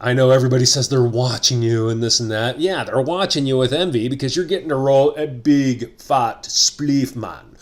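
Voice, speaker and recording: A man's voice: mid-range voice, normal speed. A middle-aged man hosting a casual vlog monologue, rambling and joking with asides. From United States. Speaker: host.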